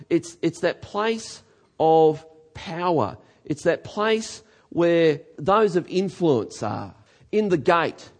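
This is a pastor delivering a sermon in a high-pitched voice. He is emphatic and swings between quiet, low remarks and shouted declarations.

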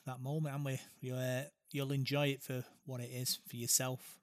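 A man's voice: medium pitch, little pitch movement, moderate pace, no room sound. Man, hesitant and reflective, casual co-host, dry close sound. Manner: hesitant, reflective, soft-spoken. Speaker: podcast co-host. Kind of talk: casual chat.

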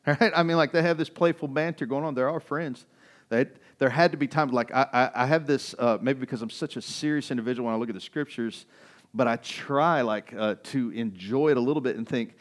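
A male pastor preaches a little fast, keeping his sermon casual and conversational. He laughs often and moves between loud, excited bursts and quiet, low stretches.

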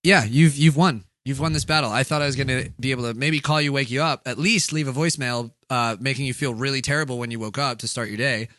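A man's voice: medium pitch, fast, hardly any pauses, fairly bright tone, no room sound, clean studio sound. A man co-hosting a comedy podcast, reading listener emails aloud in casual, swearing banter. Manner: puts on exaggerated old-man voices when reading; swears freely, laughs often.

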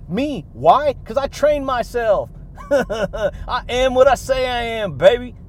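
Male podcast host, high-pitched, exuberant motivational delivery full of laughs and catchphrases. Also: sing-song, a little hiss or hum. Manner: exuberant, laughs between phrases, drawn-out catchphrases.

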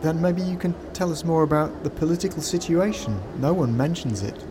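A man voicing a young female British student who asks polite, earnest questions, his voice lifted a little higher for her. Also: expressive, brisk, over music, natural voice.

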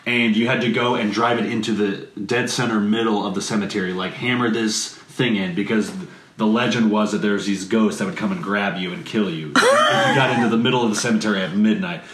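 A man casually telling a family anecdote, animated and full of "like", often leaping into high voices to quote people. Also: fairly quick, noisy background. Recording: roomy echo.

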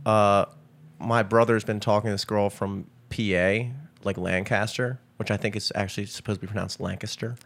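A man's voice: fairly low pitch, brisk. A man from Maryland co-hosting a podcast, telling stories in casual chat and dropping "dude" and "like" often. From Maryland, USA. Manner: animated storyteller, says "dude" and "like" often. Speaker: podcast co-host.

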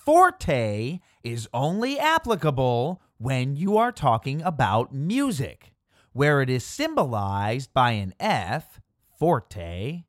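Pedantic male narrator, slow and showy, swoops wildly in pitch, dry close sound. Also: huge pitch swings, a bit bright, dry recording. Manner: pompous, pedantic, wordy. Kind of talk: scripted comedic narration.

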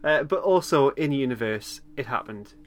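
A man's voice: mid-range voice, lively intonation, moderate pace. Guy chatting on a podcast, laughs a lot, lots of ums, bit of faint hiss. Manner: chatty, laughs often, hesitant with many ums. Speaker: podcast co-host. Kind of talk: casual chat recapping a TV episode.

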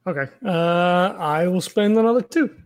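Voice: mid-range voice, normal speed, noisy background. A tabletop player in casual play, rambling and full of fillers. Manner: rambling, filler-heavy, lots of "like".

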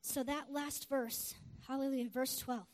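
A woman preacher giving an exuberant sermon to a congregation, shouting praise between points. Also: high voice, steady tone, measured pace. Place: church before a congregation.

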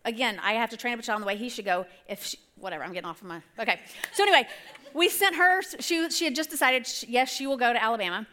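Middle-aged woman speaker, high bright voice, chatty sermon storytelling from the stage. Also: fast. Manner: chatty, rambling, self-correcting. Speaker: church speaker. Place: church stage.

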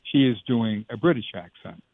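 A man's voice: mid-range voice, expressive, moderate pace, dry recording. A man who is a theater director, speaking matter-of-factly and directly in an interview, over a tinny phone-like line. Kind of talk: casual interview.

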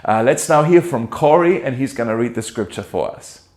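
A man's voice: medium pitch, expressive, moderate pace, a little mellow. A male pastor preaching a casual, playful sermon, acting out quotes with laughter.

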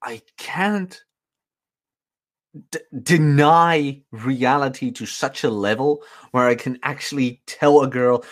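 A man co-hosting a casual talk show, crude and frank, with frequent laughter. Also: mid-range voice. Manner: lively, crude, quick to laugh. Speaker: podcast co-host. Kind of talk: casual chat.

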